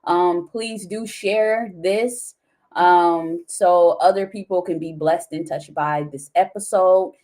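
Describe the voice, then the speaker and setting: A woman with a somewhat low voice hosts a casual podcast interview. She affirms her guest often and speaks with easy fillers and small restarts. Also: fairly even intonation, takes it slowly, darkish tone. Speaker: podcast host.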